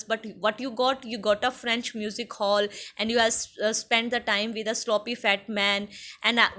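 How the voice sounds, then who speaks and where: A woman's voice: a little high, sharp tone. Indian woman teacher explaining a story. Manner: reads textbook lines aloud, then paraphrases them slowly with many fillers. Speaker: English teacher. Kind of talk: classroom lesson explaining a textbook chapter.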